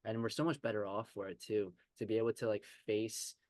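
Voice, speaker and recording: A man hosts a casual podcast conversation. His voice sits low and stays fairly flat, recorded dry and close. He speaks earnestly and offers affirming encouragement. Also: brisk, dry recording. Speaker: podcast host. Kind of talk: casual interview chat.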